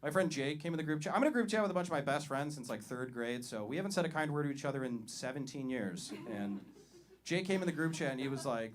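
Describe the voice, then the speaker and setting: A young man doing a stand-up set as the comedy show host, talking in a conversational, deadpan way on a handheld mic in a live venue. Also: mid-range voice, fast. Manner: conversational, deadpan delivery with loud hype-up. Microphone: handheld stage mic. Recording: live crowd audible. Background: audience laughter.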